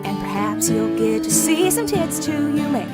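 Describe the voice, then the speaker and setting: A woman singing as a flirty spam-bot seductress in a comic pop song over loud guitar music. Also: sits high, lively intonation, moderate pace. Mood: teasing. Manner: sultry, teasing, sung.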